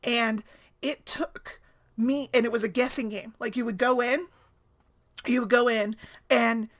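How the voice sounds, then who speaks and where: A woman's voice: on the high side, fairly even intonation, a little slow. A woman talking casually to camera as a single-mom blogger, rambling and conversational, often tagging on "right?".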